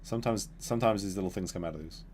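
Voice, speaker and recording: A man with a deep, darkish voice fires off rapid commentary as he streams a dinosaur game, rambling chattily to his chat while playing. Slight background noise can be heard.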